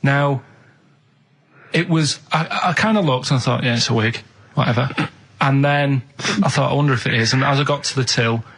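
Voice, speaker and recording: A man's voice: medium pitch, moderate pace, a bit bright, slightly rough. A man chatting as a regular on a radio show, telling stories in a plodding, matter-of-fact way from a studio. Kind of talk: casual radio chat.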